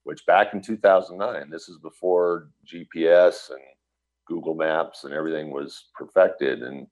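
A man's voice: very deep voice, fairly even intonation, normal speed, a little mellow. A middle-aged man earnestly recounting a personal story in conversation, acting out what people said. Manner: earnest, vivid retelling full of quoted dialogue. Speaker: guest telling a personal story. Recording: dull lo-fi recording.

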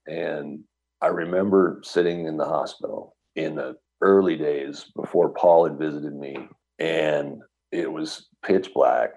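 A man's voice: rumbling low, creaky, a little mellow, slightly rough, rough recording. A middle-aged man, a guest on a radio interview, telling his story in an earnest, emotional and reflective way. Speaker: guest, author and restaurant entrepreneur.

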